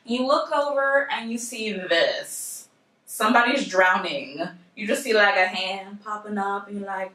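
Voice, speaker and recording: Young woman, bright voice, lively storyteller addressing students, mic set back in an echoey room. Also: mid-range voice, measured pace. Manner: lively, addresses the audience directly, acts out quoted voices. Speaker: presenter at a university civic engagement center. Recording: roomy, from a distance.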